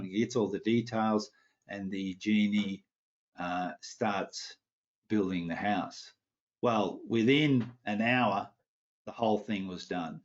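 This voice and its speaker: A man teaching an online mindfulness class, telling a parable in a relaxed way, chuckling and checking in with his listeners over a video call. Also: medium pitch. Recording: muffled online class audio.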